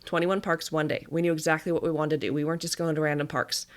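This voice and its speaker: A woman in her thirties hosts a podcast and tells a family story in a relaxed monologue. Her voice sits low for a woman, and she talks in a chatty, animated way, dropping in small laughs as she goes. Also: quick pace. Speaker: podcast host; dietitian and mother.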